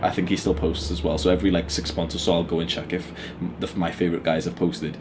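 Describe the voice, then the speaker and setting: A man's voice: low-pitched, little pitch movement, fast talker, slight background noise. A man in his twenties chatting casually as a channel host, blunt and crude and often laughing. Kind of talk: casual chat.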